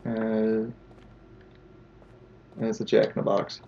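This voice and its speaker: A man's voice: lowish voice, monotone, takes it slowly, creaky, warm tone, muffled recording, a little hiss or hum. A man hosting a let's play, joking and talking to the game as he plays. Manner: jokey, talks to the game. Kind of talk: gameplay commentary.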